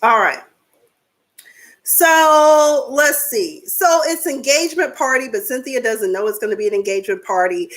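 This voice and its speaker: A woman's voice: fast talker, hardly any pauses, fairly bright tone. Sassy, chatty woman in her forties. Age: 40s. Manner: sassy, chatty, jumps between high and low pitch. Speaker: reality TV recap vlogger. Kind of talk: casual recap chat.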